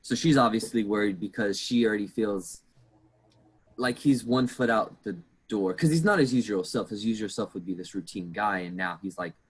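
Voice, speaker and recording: A man joins a podcast as a guest and talks over a film in a reflective, chatty way, slipping in quick jokes. His voice is husky and sits fairly low. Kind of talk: casual movie discussion.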